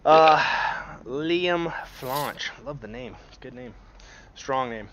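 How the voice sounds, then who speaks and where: A man's voice: a little high, lively intonation, slow pace, a bit bright, a little hiss or hum. A man running a tabletop game as game master, laughing often and swearing casually. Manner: laughing, loose and profane. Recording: dull lo-fi mic.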